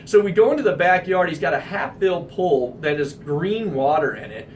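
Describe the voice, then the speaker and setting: A man from the American Midwest hosting a radio talk show, telling an anecdote in an animated, emphatic way. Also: high-pitched, moderate pace, far from the mic, a little hiss or hum. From Midwestern United States.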